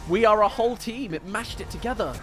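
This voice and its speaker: A man's voice: sits high, quick pace, a bit bright, soft background music. A British man hosting a movie review livestream, chatting casually and joking as he answers viewer comments.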